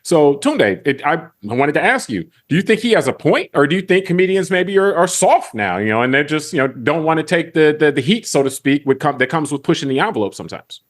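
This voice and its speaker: A man's voice: on the high side, big pitch swings, fairly quick, hardly any pauses. A man hosting a podcast, putting questions to his guests in a conversational way. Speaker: podcast host. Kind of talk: casual discussion.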